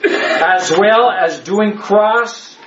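A man's voice: high-pitched, very slow, heavy background noise. A man teaching a Bible study class, emphatic and joking, full of rhetorical questions. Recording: echoey, slightly dull room.

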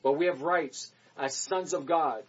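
Male preacher, sermon delivery: emphatic repeated declarations, quick asides, husky tone. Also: fairly high pitch, dull audio.

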